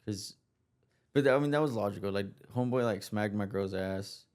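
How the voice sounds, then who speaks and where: Podcast guest, man, low voice, relaxed slangy chatter. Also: moderate pace. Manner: laid-back, slangy, says bro a lot. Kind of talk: casual chat.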